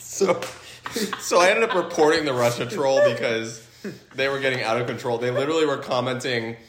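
A man co-hosting a podcast, chatting casually and telling wry stories with quick asides. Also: mid-range voice, a bit bright. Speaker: podcast co-host, social media manager. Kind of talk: casual chat. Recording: roomy.

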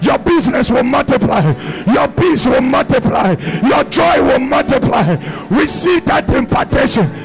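A man preaching a charismatic sermon at a church service, shouting in rhythmic, repeating phrases with "uh" between them and commanding blessings over the congregation. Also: very high voice, lively intonation, unhurried, creaky, few pauses, faint music behind, low-quality recording.

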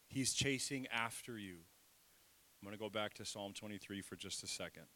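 A man preaching a sermon as pastor, swinging from soft, tearful passages up to loud, emphatic peaks. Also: fairly low pitch, normal speed. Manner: impassioned, building to loud emphatic peaks then dropping soft. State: tearful, nose running.

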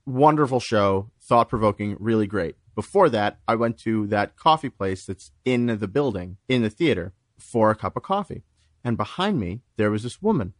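A man co-hosting a podcast in casual chat, telling an anecdote with lively acted-out quotes. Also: fairly low pitch, moderate pace, dry recording. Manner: animated storytelling, acts out quoted voices. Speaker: podcast co-host.

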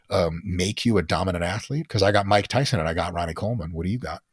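A man speaking as a guest expert on a podcast, explaining training science bluntly and emphatically and sometimes swearing, in quick lecturing runs. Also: low voice, slightly rough, no room sound, studio quality. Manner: blunt, emphatic, sprinkles in profanity. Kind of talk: podcast interview talk.

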